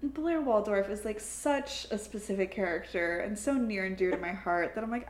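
A woman's voice: mid-range voice, moderate pace, slight background noise. A young woman chatting casually as a podcast co-host, her voice sitting in the middle of the range. She talks loosely, full of "like" fillers, and the recording carries a roomy echo. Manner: chatty, frequent "like" fillers, animated laughter. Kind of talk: casual chat.

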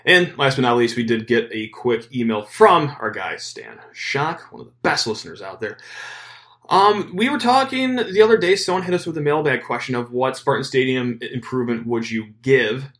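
A man hosting a casual sports podcast, talking in an energetic, joking way and reading ads. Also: mid-range voice, moderate pace. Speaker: podcast host.

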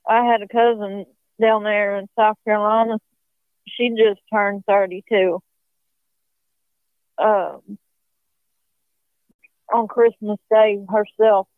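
A woman's voice: mid-range voice, level tone, slow, pauses often, clear, resonant tone, no room sound. A woman calling in to a radio show, chatting casually and unhurriedly, often restarting her sentences. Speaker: caller. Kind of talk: casual phone chat. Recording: tinny phone line.

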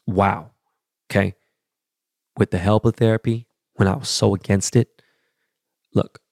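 A middle-aged man hosting a podcast, talking bluntly and profanely in a casual monologue that swings between loud and soft. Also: on the low side, creaky, dry recording, clean studio sound. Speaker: podcast host.

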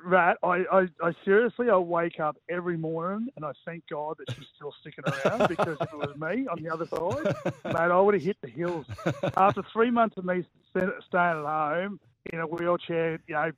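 A man's voice: a little high, normal speed, crowd noise. A man in his forties with an Australian accent, a former footballer chatting casually as a radio guest over the phone, self-mocking and full of fillers. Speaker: guest, former rugby league player. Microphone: phone call. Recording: tinny phone line, dry.

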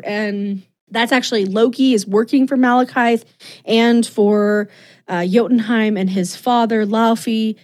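A woman's voice: medium pitch, steady tone, measured pace, a little mellow. A woman co-hosting a podcast, chatting casually and rambling animatedly with lots of asides. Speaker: podcast co-host. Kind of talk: casual chat recapping comics.

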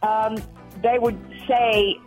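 A woman's voice: on the high side, flat delivery, slow pace, darkish tone, soft background music, poor audio. A middle-aged woman with an Australian accent, chatting on the phone as a radio guest, rambling and jumping between thoughts. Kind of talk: casual phone chat. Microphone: telephone.

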